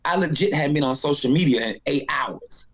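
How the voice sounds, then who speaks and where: Gravelly-voiced man telling a lively story. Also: mid-range voice, normal speed. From North Carolina. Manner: animated storyteller, acts out voices. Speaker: guest comedian. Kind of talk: storytelling in casual interview.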